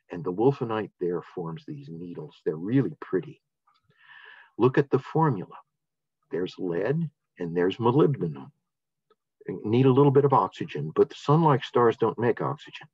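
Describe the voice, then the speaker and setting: A man's voice: sits low, darkish tone, breathy edge, no room sound. An older man presenting a science lesson in an enthusiastic, casual manner, with fillers and restarts. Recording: dull, dry lo-fi sound.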